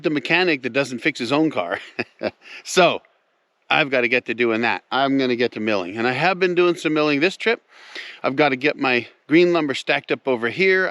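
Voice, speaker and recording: A man's voice: a little high, no room sound. A man chatting casually to his viewers as he walks around wooded land outdoors, talking in a folksy way and calling them folks. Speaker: vlogger, off-grid cabin builder. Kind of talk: casual vlog narration while walking.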